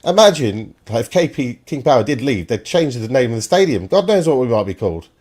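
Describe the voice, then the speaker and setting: A man's voice: mid-range voice, very animated, fairly quick, darkish tone, husky. A man hosting a football stream, giving opinionated, enthusiastic commentary that rambles at times. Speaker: football podcast host.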